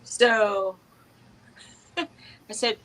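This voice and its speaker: A woman's voice: medium pitch, fairly even intonation, drawn-out words, a bit bright, low-quality recording. A middle-aged woman co-hosts a casual chat and rambles through stories about her husband and home. She restarts sentences often and laughs along the way. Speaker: co-host.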